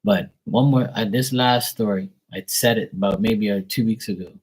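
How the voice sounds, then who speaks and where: A man's voice: lowish voice, moderate pace, husky, low-quality recording. Blunt, foul-mouthed man telling stories. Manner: blunt, profane, animated. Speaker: tarot reader. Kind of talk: casual storytelling on a live stream.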